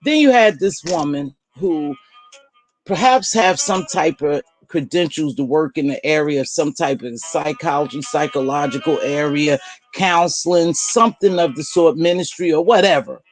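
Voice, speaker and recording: A woman's voice: deep voice, normal speed, faint music behind. An older woman giving blunt, exasperated live commentary to her viewers. She uses casual slang and repeats words for emphasis. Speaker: online commentator.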